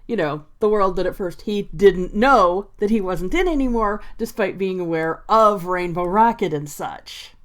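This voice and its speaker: A woman's voice: mid-range voice, lively intonation, moderate pace, few pauses. A woman giving an opinionated commentary vlog, exasperated and sarcastic, with frequent sighs and laughs. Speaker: video creator.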